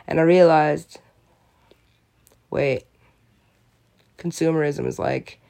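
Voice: medium pitch, slow, vocal fry, long pauses, warm tone. A vlogger in a rambling, profane, conspiratorial monologue.

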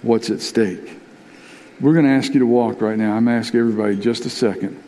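A man's voice: mid-range voice, fairly even intonation, a little fast, dark tone. A man preaching a sermon as pastor, earnest and openly emotional, often repeating his words as he urges the congregation. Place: church sanctuary. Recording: long reverb in a big church hall.

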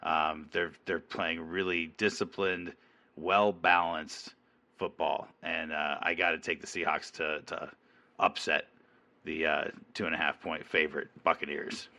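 Male co-host, very deep voice with a bright, forceful edge, hesitant delivery. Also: flat delivery, measured pace, vocal fry. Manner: hesitant, many ums and uhs. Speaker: co-host of a fantasy football show. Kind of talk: casual sports chat.

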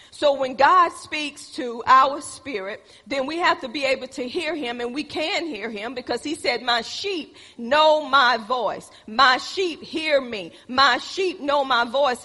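A woman preaching a sermon who quotes scripture, asks the congregation questions and answers them herself, and builds up to shouted passages. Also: sits high. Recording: long hall reverb.

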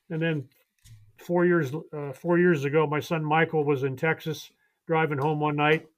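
An older man, a veteran baseball coach, telling earnest and heartfelt personal stories as a podcast guest. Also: fairly high pitch. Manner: earnest, heartfelt storytelling with frequent restarts. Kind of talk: podcast storytelling.

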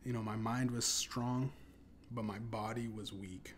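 A man hosting a comedy podcast, rambling through an absurd tall tale in a deadpan, profane way. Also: on the low side, a little slow, a little hiss or hum. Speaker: podcast host. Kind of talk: improvised comedic storytelling.

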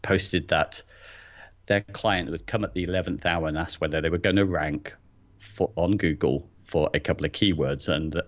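A man's voice: low voice, fairly even intonation, moderate pace, highs cut off. A man co-hosting a podcast in casual chat, often repeating words as he starts a thought. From England. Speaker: podcast co-host.

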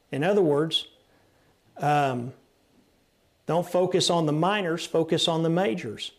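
A Texan man preaching a sermon, his voice sitting a touch higher than most men's. He drives his points home with emphasis, repeating key phrases and circling back on his words as he teaches. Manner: emphatic preaching with repetitions and restarts. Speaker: pastor.

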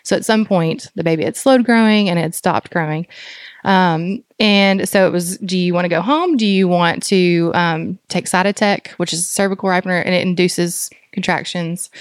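A woman guest on a podcast interview, speaking earnestly and haltingly with many fillers as she describes her experience as a doula and mother. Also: fairly low pitch, dry recording, studio quality. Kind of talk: conversational interview.

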